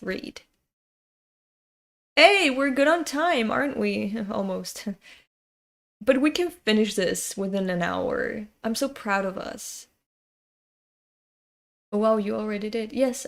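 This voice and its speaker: A woman's voice: medium pitch, gravelly. A woman reading a comic aloud in a chatty, casual way, laughing and swearing as she goes. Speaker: comic reader.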